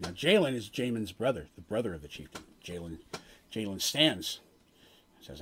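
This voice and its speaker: A man's voice: low voice, big pitch swings, fairly quick, a bit bright, slight background noise. A man narrating a tabletop role-playing session as game master, in a casual, rambling way with frequent restarts.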